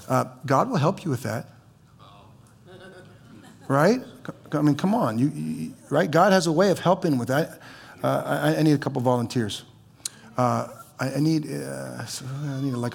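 A man's voice: medium pitch, measured pace, gravelly. A man preaching as a pastor in a church, conversational, with stammering restarts and teasing humor. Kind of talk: sermon.

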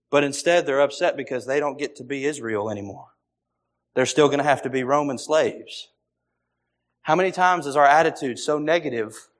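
A man preaching a sermon, repeating phrases and briefly acting out the voices of others. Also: mid-range voice.

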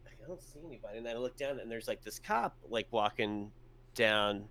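A man's voice: fairly low pitch, animated, a little fast, fairly bright tone, a little hiss or hum. A man telling a story in casual chat, rambling with many fillers and restarts and casual swearing.

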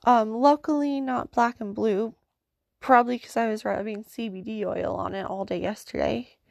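Thirties woman rambling through a story on her podcast, kinda high voice with a gravelly edge. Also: fairly even intonation, moderate pace, a little mellow, dry recording, clean studio sound. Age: 30s. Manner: rambling, talks through her thoughts with many "like"s. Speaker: podcast host. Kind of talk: casual storytelling monologue.

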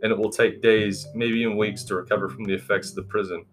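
Solemn old male elder mage, storybook, a man reading him, low voice, soft guitar behind. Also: flat delivery, fast, natural voice. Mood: grave.

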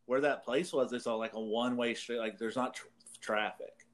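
A man's voice: mid-range voice, steady tone, moderate pace. A man casually telling a long, rambling story on a talk show, swearing freely and laughing as he goes. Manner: rambling, profane, laughs through his story. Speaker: podcast co-host.

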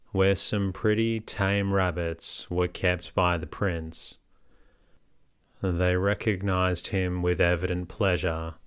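A man narrating an audiobook in a measured, steady way. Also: low voice, smooth, dry recording, studio quality.

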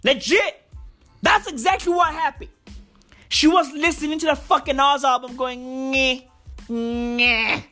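A woman ranting in a loud, hyped, comedic vlog, swearing often and repeating herself. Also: high voice, moderate pace, soft background music. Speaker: vlogger. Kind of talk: casual comedic rant.

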